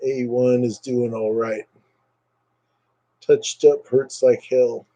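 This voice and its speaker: A man with a warm, mellow voice hosts a casual livestream from home. He rambles easily, pauses on fillers and reads viewer comments aloud in a relaxed way. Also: medium pitch. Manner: relaxed, hesitant with many fillers. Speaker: livestream host.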